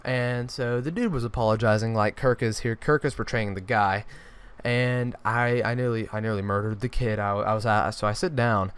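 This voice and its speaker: A young man, telling a true story for his vlog in an animated way, often restarting his sentences. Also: lowish voice, normal speed, smooth. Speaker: YouTuber.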